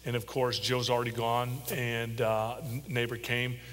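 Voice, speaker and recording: A middle-aged father, as an interview guest, tells a personal story in a halting, heartfelt way with many pauses and ums. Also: medium pitch, level tone, fairly bright tone. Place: large church hall. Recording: echoey church hall with faint hum.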